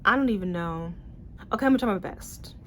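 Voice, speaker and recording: A young woman casually reviewing books in a vlog, blunt and animated, with swearing and playful asides. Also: medium pitch, fast talker, slight background noise. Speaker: book reviewer.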